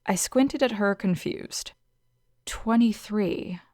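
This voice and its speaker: A woman's voice: mid-range voice, takes it slowly, darkish tone, no room sound. A young woman narrating a first-person audio story in a dry, sarcastic manner.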